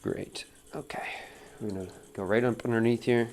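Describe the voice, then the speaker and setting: A man giving a relaxed live pottery demonstration at the wheel, talking through each step on a wireless mic in his studio. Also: mid-range voice, moderate pace. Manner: relaxed, talks while working at the wheel, reads chat aloud. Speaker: pottery teacher streaming a demo. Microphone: wireless transmitter mic.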